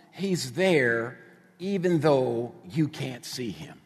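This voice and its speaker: A middle-aged man from New Jersey preaching a sermon, telling stories with lively, casual asides. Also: medium pitch, slow pace, husky, big-room sound. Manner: animated storytelling with casual asides.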